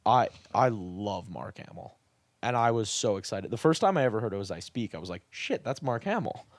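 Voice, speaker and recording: A low-voiced man co-hosting a podcast, talking loosely and swearing as he jokes around. The sound is close and dry, with no room around it. His delivery is animated and chatty. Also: normal speed, dry recording. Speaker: podcast co-host. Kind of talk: casual chat.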